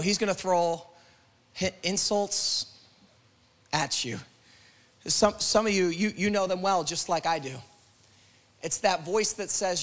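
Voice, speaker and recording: A man with a notably high voice preaching a sermon to a church congregation. His delivery is passionate and rhythmic, building through repeated phrases. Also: a bit bright. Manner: passionate, repetitive preaching cadence. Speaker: pastor. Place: church service.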